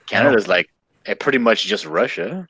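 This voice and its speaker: A man's voice: fairly low pitch, sing-song, normal speed, fairly bright tone, breathy edge, no echo. A man co-hosting a casual chat, talking in a rambling way with lots of fillers and restarts. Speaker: co-host. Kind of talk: casual chat during a live drawing stream.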